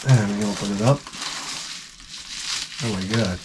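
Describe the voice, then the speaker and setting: A man vlogging as he opens fan packages, talking in a rambling, excitable way and swearing freely. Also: fairly low pitch, measured pace, background noise. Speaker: vlogger opening fan mail. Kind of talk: casual unboxing chat. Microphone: camera mic.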